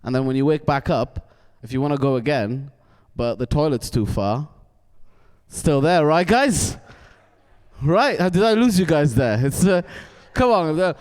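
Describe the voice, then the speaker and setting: Ranting stand-up comedian from Wales. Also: male voice, fairly high pitch, animated, measured pace, darkish tone, clear, resonant tone, long reverb tail. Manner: cantankerous, ranting, stammering restarts. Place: theatre stage before a live audience.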